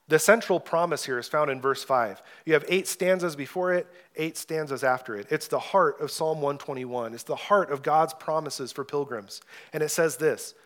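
Earnest preaching man, higher voice. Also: moderate pace. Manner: earnest preaching, swells loud when reading scripture. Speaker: pastor. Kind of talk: sermon.

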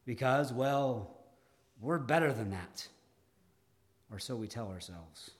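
A male pastor preaching a sermon, deliberate and dramatic, pausing often and swinging between emphatic and hushed delivery. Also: medium pitch, expressive.

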